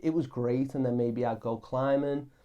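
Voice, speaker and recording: A young man talks through casual self-help advice as a podcast host. His voice is mellow and warm, at an ordinary pitch. He speaks earnestly and with emphasis, circling back to repeat his key phrases. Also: fairly even intonation, normal speed, clear, resonant tone, dull audio.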